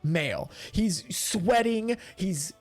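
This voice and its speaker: A man narrating as game master of a tabletop game, animated and rambling. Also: high voice, slow pace, no room sound, soft background music.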